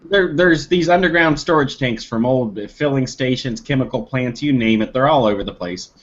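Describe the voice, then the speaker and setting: A man's voice: mid-range voice, normal speed, slight background noise. Man, mid voice, easygoing explainer, casual video chat, dull lo-fi sound. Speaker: guest in group chat. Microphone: video call. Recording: dull lo-fi video call audio.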